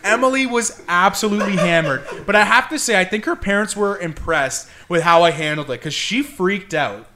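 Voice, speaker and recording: A young man telling a story in casual chat, animated and swearing freely as he acts out quotes. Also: high-pitched, moderate pace, few pauses, a little hiss or hum.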